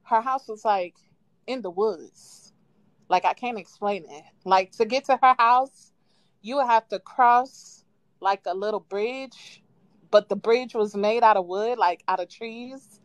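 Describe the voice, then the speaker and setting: A woman calling in to a live show, casually telling a childhood story with lively quoted voices and frequent laughs. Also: mid-range voice, measured pace, no echo. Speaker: caller. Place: at home on a live call. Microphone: phone.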